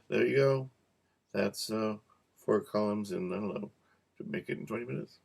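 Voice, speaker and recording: A man teaching a cueing lesson, repeating practice words slowly and joking softly as he goes. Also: lowish voice. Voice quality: gravelly. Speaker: cueing instructor. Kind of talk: relaxed teaching to camera.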